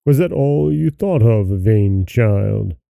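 A man voicing a suspicious, quick-tempered old king in a fairy tale reading, with a gravelly, very dark voice. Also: on the low side, lively intonation, no room sound, full character voice. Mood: furious. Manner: stern, demanding questions.

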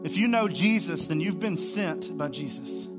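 A man preaching a streamed sermon, earnest and pleading, moving between hushed passages and fervent ones. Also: a little high, lively intonation, moderate pace, over loud music. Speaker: pastor. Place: streamed online service.

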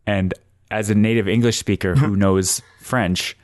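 Dry-humored low-voiced Canadian man. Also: unhurried, no room sound. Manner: dry, teasing, relaxed. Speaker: podcast co-host. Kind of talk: casual chat.

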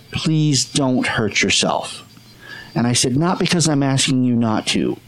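A man's voice: medium pitch, poor audio. A middle-aged man, a street portrait photographer, earnestly telling stories in a podcast chat and acting out the voices of the people he quotes. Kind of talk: conversational storytelling.

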